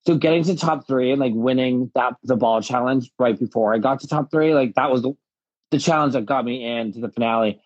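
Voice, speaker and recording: A young adult man, a drag performer guest, telling his story with lively acted-out quotes and frequent laughs over a live video call. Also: mid-range voice, fairly quick, dry recording. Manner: animated storytelling, acts out quotes, laughs often. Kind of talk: casual interview chat. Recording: dull lo-fi live-stream audio.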